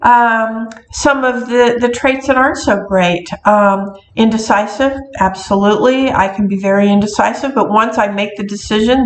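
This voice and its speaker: A woman's voice: a little high, slight background noise. A middle-aged woman, a witch who runs a metaphysical shop, talking casually in a rambling way with many ums and restarts. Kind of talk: casual talking-to-camera vlog. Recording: echoey room.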